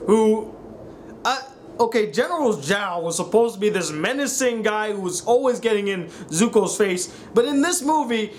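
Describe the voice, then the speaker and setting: A man's voice: sits high, lively intonation, moderate pace, a little hiss or hum. A young man reviewing a film in a sarcastic, exasperated rant, mocking the characters' lines in put-on voices.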